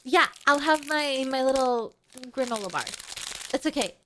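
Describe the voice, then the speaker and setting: Talking with viewers from her home, this woman VTuber rambles playfully and giggles through a casual livestream chat. Her expressive voice sits high with a fairly bright tone at a moderate pace, and there's slight background noise.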